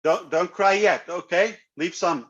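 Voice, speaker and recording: A man hosting a live online meeting, pitching a product with emphatic, repeated phrases. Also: measured pace, fairly bright tone. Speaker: company leader hosting a live web meeting. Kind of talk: enthusiastic pitch to an online audience. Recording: dull lo-fi web call audio.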